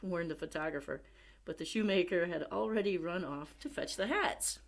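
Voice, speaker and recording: A woman at a library reading a picture book aloud, expressive, with chatty asides to young listeners. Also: on the low side, normal speed, creaky. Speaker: library storyteller.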